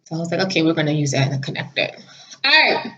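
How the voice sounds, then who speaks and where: A woman vlogging casually, telling a story in a chatty, animated way and laughing now and then. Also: deep voice, fast talker, a little hiss or hum. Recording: slightly dull lo-fi audio.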